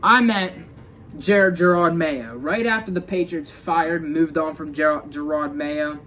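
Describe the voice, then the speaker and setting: A young man with a slightly high, sharp voice talks about football in an unhurried way over slight background noise. A sports fan vlogger, he sounds tired and yawns, rambling with many restarts and fillers like "dude" and "bro."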